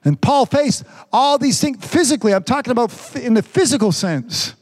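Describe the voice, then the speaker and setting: Preaching with a very high, animated voice of darkish tone, this man leans on emphatic repetition and frequent hallelujahs. He stretches words out slowly to stress them.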